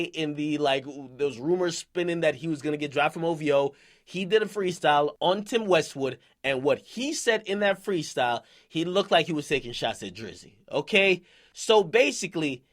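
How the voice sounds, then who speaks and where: A young man giving hip-hop news commentary, recapping and reading from an interview in a brash, profane, slangy way. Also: on the high side.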